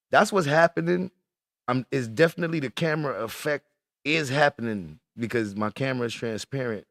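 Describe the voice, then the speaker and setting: A man's voice: mid-range voice, a bit bright, no echo, studio quality. A man live-streaming casual chat from his computer, swearing in frustration and greeting viewers as he works.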